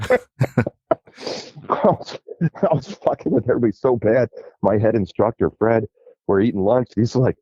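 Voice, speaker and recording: A middle-aged man telling wild stories as a podcast guest, animated and profane, laughing as he goes. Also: medium pitch, moderate pace, long pauses, slightly rough, no echo. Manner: lively, profane, laughs through his stories. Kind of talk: animated storytelling. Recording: tinny phone-like line.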